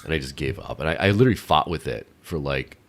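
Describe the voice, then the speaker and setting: A man's voice: rumbling low, expressive, fast talker, a bit bright. A man co-hosting a podcast in casual chat, blunt and irreverent with mild exasperation. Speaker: podcast co-host.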